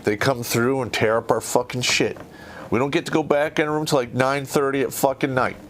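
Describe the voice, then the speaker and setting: A man's voice: medium pitch, steady tone, brisk, a bit bright, slight background noise. A man hosting a podcast who tells stories in a casual, rambling way and swears heavily. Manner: profane, rambling and conversational. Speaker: podcast host. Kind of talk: casual storytelling.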